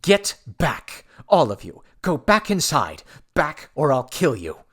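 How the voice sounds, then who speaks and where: A man's voice: medium pitch, very animated, a little slow, heavily acted. A man doing a bold commanding young noble. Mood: shouting threats. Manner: forceful, commanding, proclaiming. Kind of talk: audiobook character voice.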